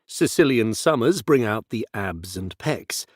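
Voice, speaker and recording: A man narrating an audiobook in slow, expressive storytelling. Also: fairly low pitch, no room sound, clean studio sound. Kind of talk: scripted narration.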